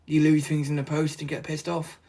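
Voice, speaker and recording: Guy unboxing stuff, chatty and rambly, gets excited, bit of noise in the background. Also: fairly high pitch, a little fast. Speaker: vlogger. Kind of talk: casual unboxing vlog.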